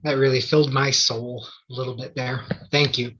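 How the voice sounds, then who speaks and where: A man's voice: mid-range voice, level tone, normal speed, sharp tone, husky. A man hosting a stage show and telling jokes, chatty with fillers, recorded lo-fi in a theatre. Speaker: host. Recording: dull lo-fi recording.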